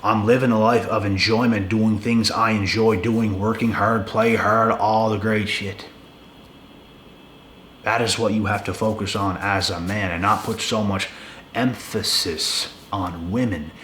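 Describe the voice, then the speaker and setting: A man's voice: on the low side, steady tone, a little slow, fairly bright tone, a little hiss or hum. Profane young man ranting in an echoey room. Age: young adult. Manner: profane, emphatic, repeats himself. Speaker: video creator. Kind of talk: blunt casual rant to camera. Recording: echoey room with faint ambience.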